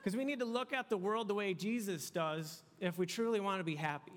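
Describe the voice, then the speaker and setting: Man, high voice, laid-back sermon, stumbling restarts, long hall echo. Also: fairly quick. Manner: casual, conversational preaching with many restarts. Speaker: youth pastor.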